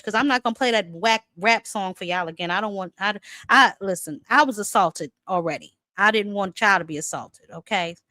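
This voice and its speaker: A woman's voice: a little high, sharp tone, no echo, studio quality. Chatty woman hosting a boxing live stream. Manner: chatty, greets chat viewers by name, playful teasing; filler-heavy with many restarts. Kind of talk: casual live stream commentary.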